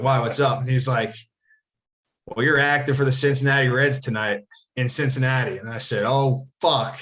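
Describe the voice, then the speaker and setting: Man from the Philly area, mid-pitch voice, loose and profane, rambles and restarts mid-sentence. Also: a bit bright. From Philadelphia area. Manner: rambling, profane, self-correcting. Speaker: podcast co-host, former ballplayer. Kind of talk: casual storytelling.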